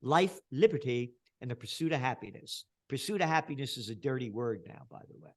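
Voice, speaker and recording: An older man, an interview guest talking in an impassioned, ranting way that swings from low talk to shouting. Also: expressive, fairly quick. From the Bronx, New York. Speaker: interview guest, trend forecaster.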